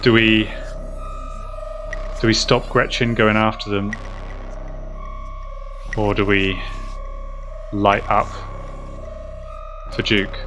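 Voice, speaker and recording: A man streaming a game, reading its narration aloud and pausing to react. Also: on the low side, little pitch movement. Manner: reads narration, pauses to react. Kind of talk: reading a visual novel aloud. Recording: faint game music behind.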